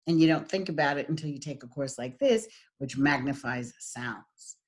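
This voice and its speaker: A woman's voice: a bass voice, moderate pace. A woman teaching an online diction class, speaking animatedly and exaggerating sounds to demonstrate them.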